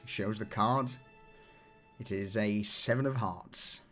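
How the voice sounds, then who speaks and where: A man running a tabletop game as game master, narrating a scene in a relaxed way with many fillers. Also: on the low side, takes it slowly, faint music behind.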